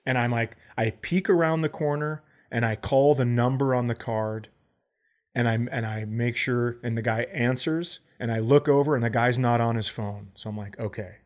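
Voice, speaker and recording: Guy in his 40s riffing through a funny story, plays both sides of the convo, mid pitch. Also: moderate pace. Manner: animated storyteller, acts out both sides of conversations. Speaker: podcast co-host, comedian. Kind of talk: casual storytelling chat.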